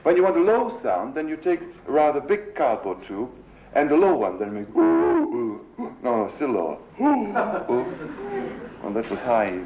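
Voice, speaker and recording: A man with a German accent giving a live lecture as a composer, pausing to search for English words and imitating sounds with his voice. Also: medium pitch, big pitch swings. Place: lecture hall. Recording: roomy dull 1970s lecture recording with faint hiss.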